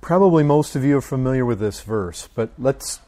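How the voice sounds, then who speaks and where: A man preaching a sermon as pastor, in a deliberate way with emphatic pauses. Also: mid-range voice, lively intonation, mellow.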